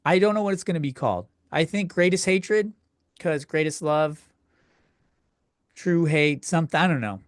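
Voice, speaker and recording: A man's voice: fairly high pitch, moderate pace, long pauses, no echo, clean studio sound. A young man hosting a solo comedy podcast, ranting crudely and exasperatedly from home with frequent self-interruptions. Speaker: podcast host.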